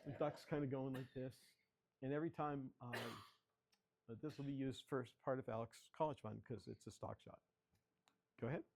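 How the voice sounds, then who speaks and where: An older man with a slightly higher than usual voice, talking his way through a slideshow of his own photographs for a club. He tells chatty stories about each shot and keeps asking for the next slide. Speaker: guest speaker, photographer. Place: children's library area.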